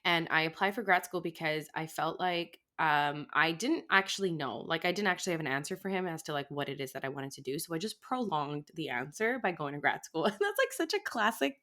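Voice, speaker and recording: A woman's voice: low-pitched, expressive, brisk, few pauses, pushed and bright. A woman in her twenties in a casual podcast chat, talking in a reflective, rambling way. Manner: reflective, rambling with fillers and restarts. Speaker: podcast co-host.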